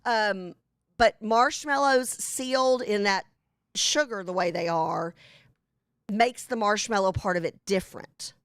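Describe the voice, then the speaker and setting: A woman co-hosting a casual chat show, animated and quick to laugh, often talking over the others. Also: mid-range voice, smooth, no echo, clean studio sound. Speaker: co-host.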